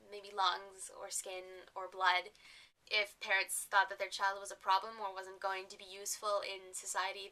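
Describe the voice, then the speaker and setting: A woman's voice: medium pitch, sharp tone, poor audio. A young woman from Canada vlogging about books in a chatty, enthusiastic way with playful asides. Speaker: book vlogger. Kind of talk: casual vlog.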